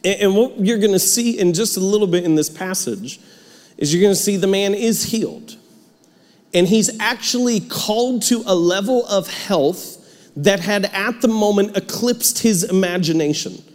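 A man's voice: sits high, moderate pace, in a large hall. A man preaching a sermon as pastor in a church, cheerful and storytelling. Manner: cheerful, animated storytelling with laughs. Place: church sanctuary.

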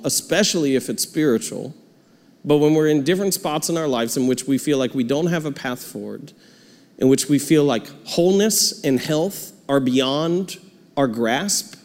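A man's voice: medium pitch, long reverb tail. A man preaching a sermon as pastor in a church, cheerful and storytelling. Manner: cheerful, animated storytelling with laughs. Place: church sanctuary.

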